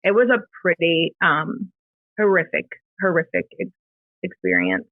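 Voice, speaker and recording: A woman's voice: lowish voice, big pitch swings, no echo. Woman telling a hard story, tinny dry sound. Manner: halting, emotional retelling with many fillers and restarts. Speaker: podcast guest. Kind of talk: personal storytelling in an interview.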